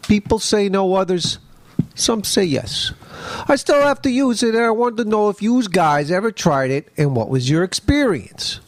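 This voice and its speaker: Lively joking male podcast co-host. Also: high-pitched, moderate pace, dry recording. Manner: jokey, breaks into put-on voices. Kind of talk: casual chat, reading listener letters.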